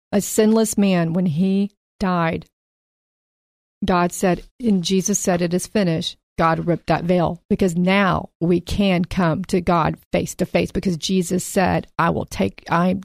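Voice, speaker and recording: A woman co-hosting a podcast, chatting casually through a Bible study, slowing down to read scripture and laughing easily along the way. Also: on the low side, gravelly, a little mellow, no room sound, clean studio sound. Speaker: podcast co-host.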